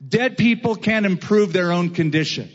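A man preaching a sermon as pastor, slow and emphatic with drawn-out phrases. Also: sits high, big-room sound, muffled recording.

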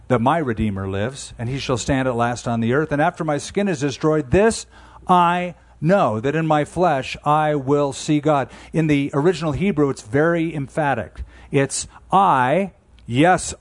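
A man in his sixties preaching a sermon in a conversational, emphatic way, slowing down on key phrases. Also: on the high side. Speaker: pastor.

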